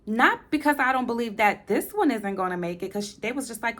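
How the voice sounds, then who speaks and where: A young adult woman giving a personal vlog update to her viewers. She speaks with feeling, dropping to soft near-whispers and then rising into emphatic bursts. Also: fairly high pitch, lively intonation, fairly quick, few pauses. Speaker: vlogger. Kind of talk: personal update talking to camera.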